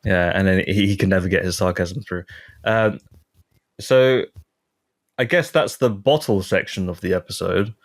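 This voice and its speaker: A man's voice: low-pitched, normal speed. A man co-hosting a casual podcast chat, laughing often and trailing off mid-sentence. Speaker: podcast co-host.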